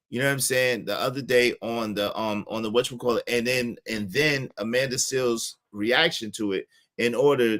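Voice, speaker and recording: Bright-voiced man hosting a chatty live stream. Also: mid-range voice. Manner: chatty, repeats phrases, gives shout-outs. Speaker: stream host reacting to clips. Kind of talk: casual live-stream commentary.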